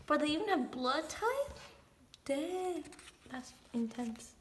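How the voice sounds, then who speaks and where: A young woman unboxing an album in a casual vlog, gushing with delight and swinging between excited squeals and hushed whispers. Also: sits high, slow pace, pauses often, slight background noise.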